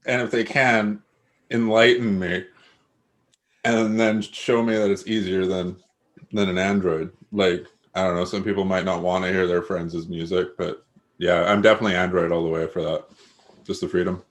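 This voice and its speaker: A man's voice: sits low, flat delivery, moderate pace. A man from Canada, a guest on a podcast, chatting in a laid-back, agreeable way with casual swearing.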